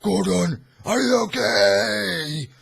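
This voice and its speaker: Man doing a shouting, determined masked hero. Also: high voice, big pitch swings, takes it slowly, vocal fry, breathy edge, pitched above the performer's own voice, full character voice. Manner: loud declarative shouting.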